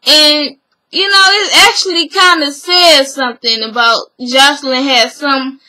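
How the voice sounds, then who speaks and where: A woman's voice: high voice, steady tone, a little slow, pushed and bright, rough recording. A young woman talking casually and bluntly as a vlogger, acting out quotes and swearing freely as she recaps.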